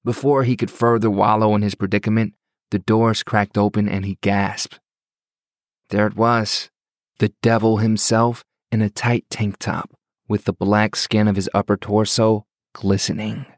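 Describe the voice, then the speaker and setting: A man reading a novel aloud as the narrator of a serialized audiobook, in a measured, even storytelling delivery. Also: lowish voice, no room sound, studio quality.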